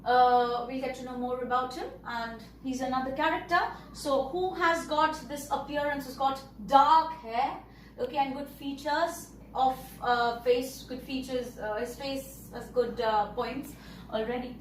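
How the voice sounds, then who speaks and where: Lady english teacher going over a story w the kids, high voice, keeps rephrasing stuff, roomy echo. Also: fairly even intonation, measured pace, recorded from a distance, slight background noise. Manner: repeats and rephrases words to explain them. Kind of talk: explaining a story to pupils. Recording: echoey room, voice a bit off-mic.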